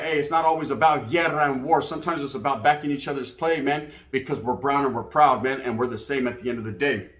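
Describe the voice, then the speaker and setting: A man's voice: a little high, fairly bright tone. A man from California, telling stories in a casual, slang-heavy way and acting out other people's lines. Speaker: guest storyteller. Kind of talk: casual storytelling. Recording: roomy echo.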